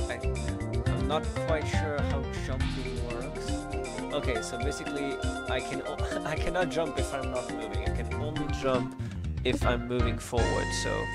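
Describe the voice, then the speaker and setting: Brief: male game reviewer, bemused and laughing, let's play commentary, gravelly tone over loud game music. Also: mid-range voice. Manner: bemused, laughing, talks to himself.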